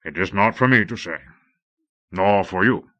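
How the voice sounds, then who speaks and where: A man voicing a gruff old lord commander who growls out commands, on a dull old tape. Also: deep voice, a little slow, fairly bright tone. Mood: grave.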